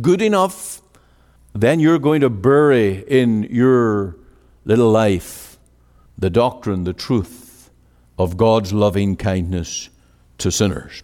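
Male preacher, slow deliberate sermon, swings way up on quotes then drops soft and low, long hall echo.

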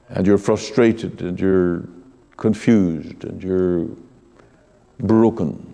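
A man preaches a sermon in a slow, deliberate, earnest manner, sinking into quiet pleading at times. His voice sits low and mellow. A long reverb from a large hall trails his words.

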